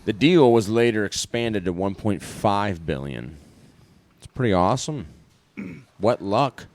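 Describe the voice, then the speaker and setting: A man's voice: lowish voice, expressive, measured pace, darkish tone. A man co-hosting a podcast, chatting casually with wry, joking asides. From Iowa. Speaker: podcast co-host. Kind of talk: casual political chat.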